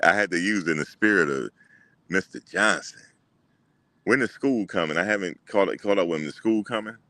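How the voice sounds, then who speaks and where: A deep-voiced man, chatting loosely on his livestream. He answers his viewers and plays back what people told him, and his voice sounds close and dry. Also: moderate pace, no room sound. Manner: animated, talks back to chat, mock-quotes others. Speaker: livestream host. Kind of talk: casual livestream chat.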